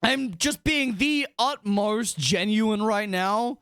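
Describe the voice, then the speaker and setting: A young male streamer with a high voice that leaps all over the place as he rambles and teases himself. He sounds dry and close, with no room around him. His talk is casual gaming chat, excitable and loose. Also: smooth, no room sound. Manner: rambling, excitable, self-mocking, quick jumps in pitch.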